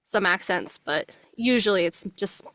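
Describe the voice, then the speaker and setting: A young woman from New Jersey with a subtle New Jersey accent, a voice actress chatting casually as an interview guest from her home closet studio, friendly and quick to laugh. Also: mid-range voice, fairly bright tone, no echo.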